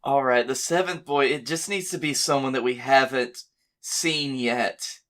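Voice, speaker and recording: A man co-hosting a comedy podcast, pitching ideas in a laid-back way with some swearing. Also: a little slow, fairly bright tone. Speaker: podcast co-host.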